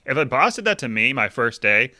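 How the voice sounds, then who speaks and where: A man's voice: mid-range voice, a little fast, no echo, studio quality. A man co-hosting a casual book-club podcast, ranting with lots of swearing. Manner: animated, profane ranting. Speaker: podcast co-host.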